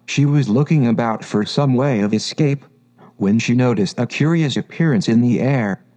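A man reading a storybook aloud in measured, steady narration. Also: medium pitch. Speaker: audiobook narrator.

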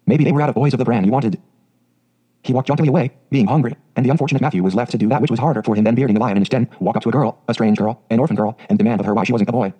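A man narrating a storybook with steady, scripted reading. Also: medium pitch, very fast, few pauses, breathy edge, highs cut off. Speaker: audiobook narrator.

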